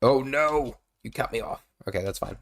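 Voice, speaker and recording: A thirty-something streamer, congested from a cold, rambles chattily through live gameplay and exclaims at the game. His mid-range voice is creaky yet fairly bright, at a moderate pace.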